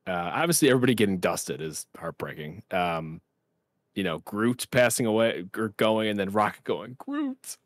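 Deep-ish guy on a movie podcast, super into it, swears, loses his train of thought, dead dry room. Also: animated, moderate pace, no echo. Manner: enthusiastic, swearing, trails off while recalling things. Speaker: podcast panelist. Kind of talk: casual film chat.

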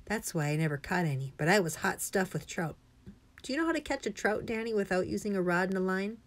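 A woman's voice: mid-range voice, fast talker, natural voice. A woman reading aloud, voicing a mischievous, talkative little old male country doctor. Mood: chatty. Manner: chatty, mischievous storytelling. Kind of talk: audiobook character reading.

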